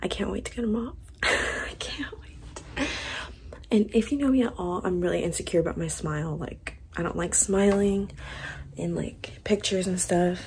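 A woman's voice: lowish voice, fairly quick, creaky, dark tone, reverberant, a little hiss or hum, poor audio. Giddy, nervous teenage girl vlogging. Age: teens. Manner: giddy and nervous, lots of "like", drops into whispers. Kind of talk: casual vlog talk to camera.

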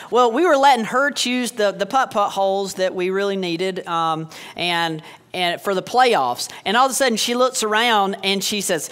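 A man's voice: sits high, unhurried, sharp tone. A man in his thirties, a pastor preaching a sermon with joking asides and sarcastic humor.

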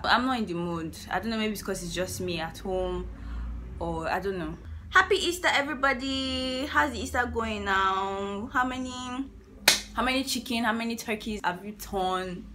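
A young woman with a Nigerian accent talks casually into a nearby camera at home, her voice sitting at an everyday middle pitch. She swings from low, sleepy mumbling to sudden excited bursts. A faint hiss sits under the recording. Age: young adult. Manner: chatty, drifting between sleepy mumbles and excited outbursts. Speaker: vlogger. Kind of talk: casual vlog chat. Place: at home, indoors.

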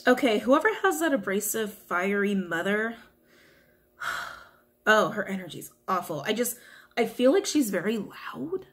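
A woman's voice: medium pitch, lively intonation, a little slow, a bit bright, breathy edge. A woman giving a casual, chatty tarot reading to viewers, often repeating her questions to the cards. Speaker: tarot reader.

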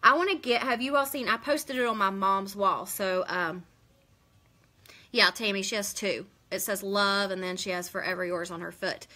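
Bright-voiced chatty woman. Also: mid-range voice, fairly even intonation, moderate pace. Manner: chatty, rambling, greets and answers viewers' comments. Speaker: beauty vlogger hosting a live stream. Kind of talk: casual live-stream chat.

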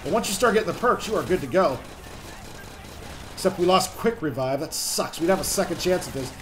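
Chatty high-voiced young man gaming. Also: a little fast, slight background noise. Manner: chatty, excitable, swears under pressure. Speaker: gaming channel host. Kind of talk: casual gameplay commentary.

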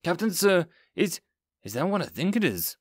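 A jittery young alien navigator with a raised, bouncy voice, as a man puts him on. He stammers and rushes, eager to share what he knows. The studio sound is dry and close. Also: high voice, very animated, breathy edge, no room sound, voice pushed up, exaggerated voice. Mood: hesitant. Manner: hesitant, eager. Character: young nervous nerdy male alien navigation officer.

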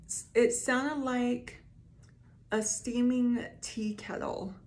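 A woman casually reading scary stories aloud to her viewers, stopping for quick reactions between passages. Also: on the high side, fairly even intonation, a little mellow. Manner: slow, reads aloud with asides and reactions. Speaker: storyteller reading creepy stories.

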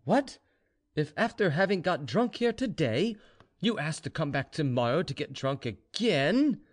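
A man's voice: fairly high pitch, big pitch swings, measured pace. A man voicing a bitter, envious male servant who talks in a sceptical, challenging way.

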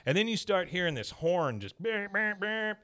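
A man hosting a podcast, casually retelling a cartoon episode scene by scene and dropping into quick voices for the characters. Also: high voice, big pitch swings, sharp tone. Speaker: podcast host recapping episodes. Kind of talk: casual recap chat.

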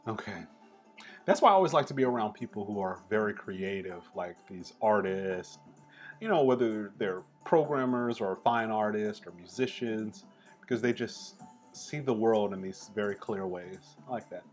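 A man hosting a casual art appreciation vlog, talking in a relaxed, chatty, enthusiastic way. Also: fairly low pitch, moderate pace, soft background music. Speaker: host.

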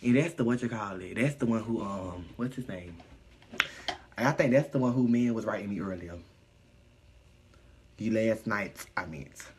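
A man live streaming casual chat, reading viewer comments aloud and answering them in a sassy, profane, animated way. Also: on the low side, normal speed, long pauses, slight background noise.

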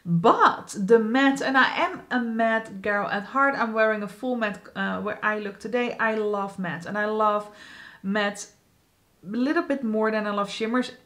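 A woman's voice: medium pitch, a little slow, fairly bright tone. A woman vlogger chatting casually about her makeup products, rambling with many fillers and restarts. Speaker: beauty vlogger.

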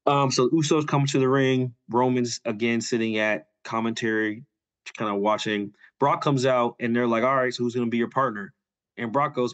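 A young man casually retelling a story on a podcast, loose and filler-heavy, dropping quick quoted lines as he goes. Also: medium pitch, steady tone. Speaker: podcast co-host. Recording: dull lo-fi audio.

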